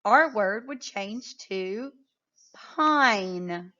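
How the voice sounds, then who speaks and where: Woman teacher, phonics lesson, slow deliberate pace, sounds out each word, dull lo-fi recording. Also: mid-range voice, fairly bright tone. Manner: slow, clearly sounding out words, encouraging. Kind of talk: phonics lesson for young children.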